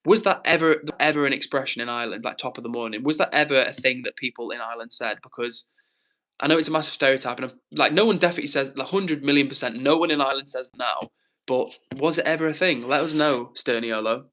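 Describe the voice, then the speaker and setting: Bright upbeat man. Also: medium pitch, fast talker. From England. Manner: upbeat and encouraging, addresses viewers by name. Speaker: livestream host. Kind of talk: casual livestream chat, reading out comments.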